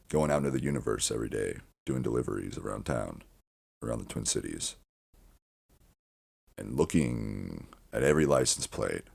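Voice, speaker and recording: This podcast host has a very deep voice with a rasp running through it. He wanders through a loose monologue, frequently restarting and turning back mid-sentence, with casual swearing throughout.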